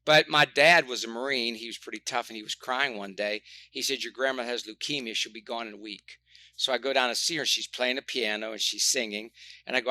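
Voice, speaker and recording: A man, a sports psychologist, telling stories in an animated, motivational way, often doubling his words. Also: mid-range voice, a little fast. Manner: animated, anecdotal, repeats words. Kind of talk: motivational storytelling.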